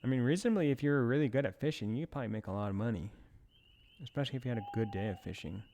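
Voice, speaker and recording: A man's voice: mid-range voice, rapid-fire, dark tone, a little hiss or hum. A man giving casual commentary as he plays a farming game, rambling with self-amused asides. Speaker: let's play host.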